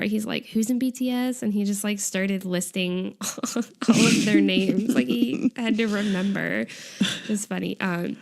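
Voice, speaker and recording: A woman's voice: medium pitch, creaky. A young woman co-hosting a casual chat, retelling a show's events in a chatty way with frequent giggles and "like" fillers. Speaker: podcast co-host. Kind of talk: casual chat recapping a variety show.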